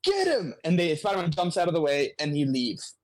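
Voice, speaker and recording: A man co-hosting a podcast, recapping comic books in casual chat, an animated storyteller who swears freely. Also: on the high side, fairly quick. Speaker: podcast co-host.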